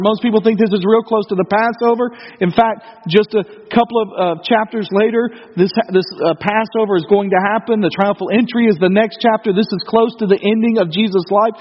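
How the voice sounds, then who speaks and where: A man preaches a sermon in a high, bright voice with a sarcastic, conversational streak. The sound is dull and lo-fi, with long reverb from a large church hall. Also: fairly quick, slight background noise. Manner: sarcastic, acts out the disciples' lines in voices. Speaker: pastor.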